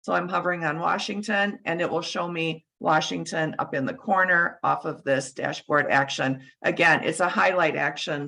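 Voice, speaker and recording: A woman walks through a software demo on a shared screen, her tone bright and forward. She is losing her voice and speaks haltingly, with frequent fillers and restarts. Her sound is picked up over a video call. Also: deep voice, fairly even intonation, creaky, poor audio. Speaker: user group presenter.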